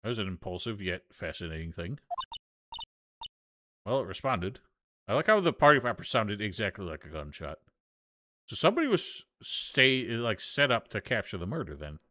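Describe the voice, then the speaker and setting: A man's voice: lowish voice, big pitch swings, moderate pace, long pauses, bright, forceful tone, dry recording. A man streaming a game live, chatting casually with sarcastic, joking asides. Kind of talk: live game playthrough commentary. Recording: game music behind.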